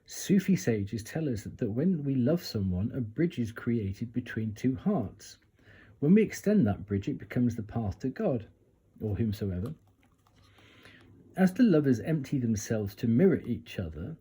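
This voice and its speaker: A man's voice: medium pitch, very animated, unhurried, mellow, slightly rough. A man doing a casual tarot reading, reading passages aloud from a guidebook and breaking off for chatty asides and retakes. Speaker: tarot reader.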